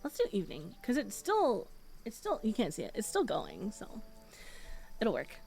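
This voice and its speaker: Woman streamer, lively pitch, laid-back delivery, swears and laughs a lot, faint music behind. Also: normal speed, vocal fry. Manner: chatty, swears freely, laughs often. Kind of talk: casual stream chat.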